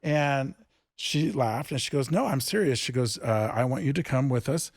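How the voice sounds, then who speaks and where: A man who founded an improv theatre, telling stories in a casual interview and acting out the dialogue with lively jumps in pitch. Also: normal speed, no room sound, clean studio sound. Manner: animated, acts out quoted dialogue with big pitch jumps.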